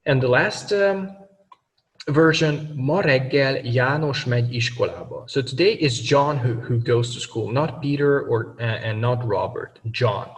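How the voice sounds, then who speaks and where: Man, language teacher, mid pitch, halting with fillers and self-corrections, distant from the mic, long echo. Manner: many fillers and self-corrections, slows down for examples. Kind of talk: explaining grammar to learners.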